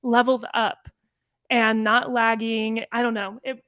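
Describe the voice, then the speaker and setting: Animated female co-host, chatty and quick, a bit high-pitched, recorded dry and close. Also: no room sound. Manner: animated, quick bursts of speech with frequent "like". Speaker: podcast co-host. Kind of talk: casual chat.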